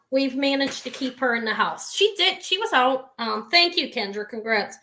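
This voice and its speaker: A live-stream jewelry seller chats casually and rambles, slipping into side stories and frequent asides with each piece she shows. She speaks at normal speed with hardly any pauses, in a high voice with lively intonation and a sharp tone.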